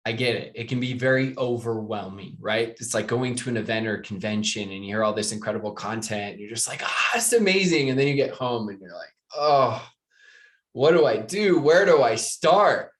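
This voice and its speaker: Upbeat American man coaching over a video call. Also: medium pitch. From United States. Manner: energetic, joking, asks the audience questions. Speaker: network marketing trainer. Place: speaking to a live video call audience.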